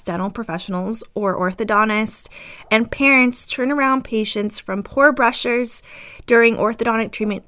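A woman's voice: medium pitch, fairly bright tone, smooth. A woman hosting a casual podcast, talking in a chatty, upbeat way with a slightly scratchy, itchy throat. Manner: chatty, upbeat, uses fillers like "um" and "like". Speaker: podcast host; dental professional.

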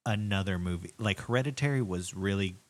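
A man's voice: deep voice, brisk. A man chatting casually on a podcast, laid-back and teasing.

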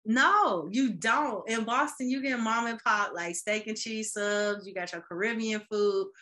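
A woman in casual podcast chat, animated, laughing often and acting out quoted voices. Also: fairly high pitch, a little slow. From Midwest.

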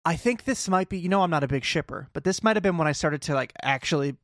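A man's voice: on the high side, animated, fast talker, a bit bright, dry recording, studio quality. A man co-hosting a podcast, recapping a TV episode in casual chat with wry jokes and casual swearing. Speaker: podcast co-host.

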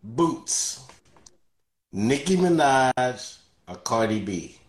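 A man's voice: medium pitch, sing-song, extremely slow. A man co-hosting a podcast, asking questions in a playful, teasing way. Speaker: podcast co-host. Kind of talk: casual podcast chat. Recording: roomy echo.

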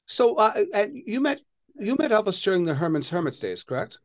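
A male podcast host with a notably high voice, who speaks in brief prompts and amused reactions. He keeps to short questions and quick responses. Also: big pitch swings.

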